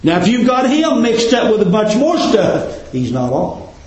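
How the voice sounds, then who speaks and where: Fervent preacher in an echoey hall. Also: male voice, very animated, unhurried. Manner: fervent, rising to high emphatic peaks and dropping to low quiet endings. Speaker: pastor. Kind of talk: sermon. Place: church.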